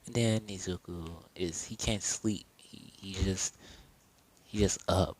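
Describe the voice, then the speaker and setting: Casual male storyteller, deep voice, rambling and self-correcting mid-game. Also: steady tone, takes it slowly, a little mellow, low-quality recording. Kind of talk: improvised fan-story narration.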